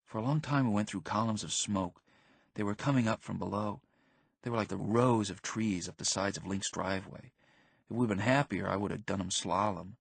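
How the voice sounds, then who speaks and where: A man reads a first-person audiobook in a husky, slightly breathy voice. His delivery is flat and deadpan, full of casual teen slang, recorded close and dry. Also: lowish voice, fairly quick, dry recording. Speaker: audiobook narrator.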